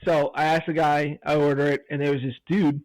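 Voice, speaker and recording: A man's voice: a little high, level tone, brisk, no room sound, low-quality recording. A man co-hosting a podcast in casual chat, telling stories with frequent laughter. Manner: storytelling, laughs often. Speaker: podcast co-host.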